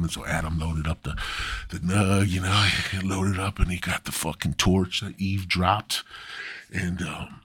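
A man's voice: normal speed, breathy edge. A man hosting a podcast, telling a crude comic story in a rambling, profane way. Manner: rambling and profane, with lively swings in pitch. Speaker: podcast host.

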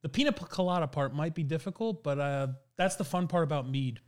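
A man with a somewhat higher voice than most walks through his hobby in loose podcast chat. He rambles, restarts his sentences and fills pauses as he goes. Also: expressive. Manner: rambling, explanatory, many fillers and restarts. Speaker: guest mead maker.

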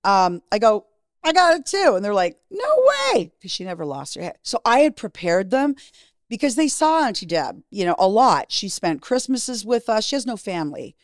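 A woman's voice: mid-range voice, expressive, normal speed, no room sound, clean studio sound. A woman in her fifties, a guest in an interview, telling her story bluntly, swearing freely and acting out what people said.

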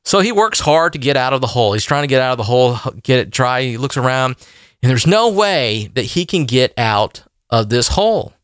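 Animated man telling a story. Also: medium pitch, fairly quick, clear, resonant tone, no echo, clean studio sound. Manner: animated, rambling with fillers. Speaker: podcast host. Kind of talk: casual storytelling monologue.

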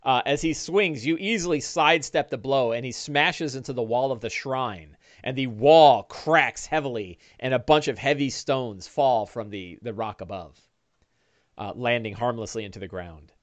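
A man's voice: medium pitch, normal speed, no echo. A man running a one-on-one tabletop game as game master, narrating loosely with many fillers. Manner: descriptive, loose narration full of "uh" and "kinda".

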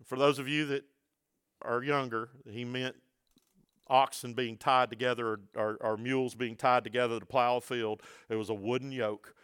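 A middle-aged male pastor preaching a sermon, swinging between shouted passages and hushed low asides, with playful jokes for the congregation. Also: steady tone, moderate pace, clean tone.

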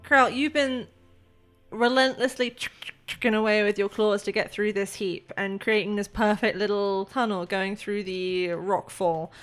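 A woman narrating as game master in a tabletop role-playing game, describing scenes in a measured way with pauses. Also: mid-range voice, fairly even intonation, faint music behind.

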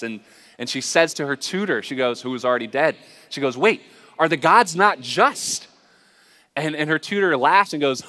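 Bright-voiced man preaching in a hall. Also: mid-range voice. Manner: earnest, conversational preaching with restarts. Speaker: pastor. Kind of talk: sermon.

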